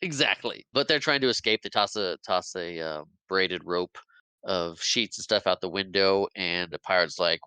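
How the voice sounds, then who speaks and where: A man's voice: low-pitched, moderate pace, pushed and bright, smooth, no room sound, rough recording. A man casually recapping a film scene by scene on a podcast, rambling a bit and laughing often. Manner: rambling play-by-play retelling, acts out quotes, laughs often. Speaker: podcast host.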